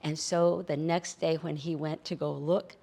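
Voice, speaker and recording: A woman storyteller telling a folk tale in a measured, rhythmic way, building with repetition. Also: low voice, flat delivery, gravelly, warm tone.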